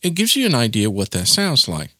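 A man's voice: medium pitch, wildly swooping pitch, a little fast, bright, forceful tone, husky. A man giving a casual spoken tutorial in a chatty, informal way, with plenty of asides. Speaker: tech tutorial presenter.

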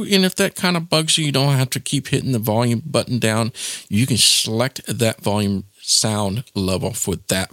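A man's voice: on the low side, a bit bright, no echo, studio quality. A man giving a casual spoken tutorial in a chatty, informal way, with plenty of asides. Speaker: tech tutorial presenter.

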